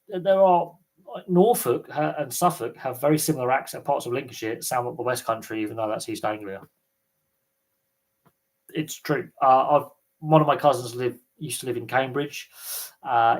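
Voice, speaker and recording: A man's voice: medium pitch, rough recording. Rambling man hosting a live Q&A. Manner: rambling, thinks aloud with many fillers and restarts. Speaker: sports livestream host. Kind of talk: casual live Q&A chat.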